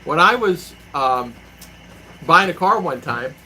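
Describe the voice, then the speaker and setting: A man's voice: a little high, lively intonation, takes it slowly, long pauses, bright, forceful tone, a little hiss or hum, poor audio. A middle-aged man hosting a live stream from home, telling rambling stories and answering viewers by name. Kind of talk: casual live-stream chat. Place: home in the Philippines.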